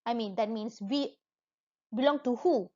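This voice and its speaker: A woman's voice: fairly high pitch, measured pace, warm tone. A woman with a Malaysian accent teaching a lesson to young children, coaxing them along in a sing-song way. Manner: sing-song, coaxing, imitates animal and object sounds. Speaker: kindergarten teacher. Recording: dull lo-fi recording.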